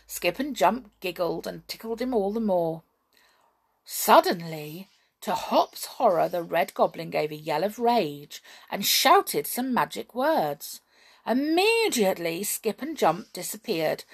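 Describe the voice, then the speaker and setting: A woman reading a children's story aloud as narrator, with expressive, lively storytelling. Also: mid-range voice, slow pace, husky.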